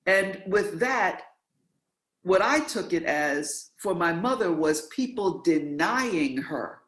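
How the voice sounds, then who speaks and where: Host, from new york, mid-pitched voice, animated, emphatic, repeats words, echoey room. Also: slow. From New York, USA. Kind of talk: interview, conversational. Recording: roomy, echoey sound.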